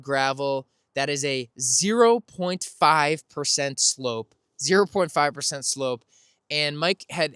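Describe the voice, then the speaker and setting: Chatty man telling a story, smooth voice. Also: a little high, a bit bright, no echo, clean studio sound. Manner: rambling, self-correcting, laughs while telling. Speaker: podcast host. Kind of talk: casual storytelling recap.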